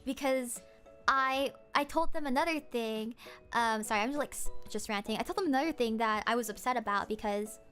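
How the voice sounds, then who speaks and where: Rambling young woman streamer, high voice. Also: a little fast, fairly bright tone, soft background music. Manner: rambling, many fillers, quotes others. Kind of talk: casual rant to chat.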